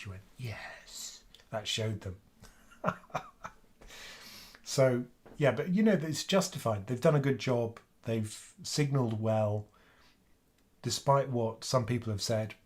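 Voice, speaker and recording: Man, sore throat, relaxed finance host, thinking aloud at home. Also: mid-range voice, a little slow. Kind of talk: casual livestream commentary.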